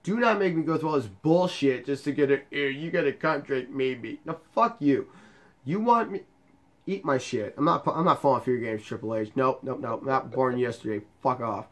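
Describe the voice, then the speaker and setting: A man's voice: medium pitch, expressive, moderate pace, a bit bright. Young male let's-player, crude and sarcastic, ranting at the game. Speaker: gaming YouTuber. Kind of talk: profane let's-play commentary.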